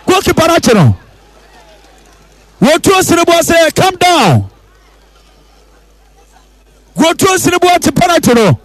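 A man with a Ghanaian accent commentating a football penalty shootout, calling out and repeating the players' names with excitement. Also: very high voice, a little slow, long pauses, no echo, low-quality recording.

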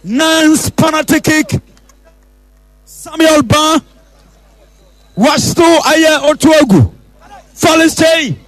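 Commentating on a penalty shootout, a Ghanaian-accented man excitedly calls out each player's name again and again. The voice is very high-pitched, and the recording is rough.

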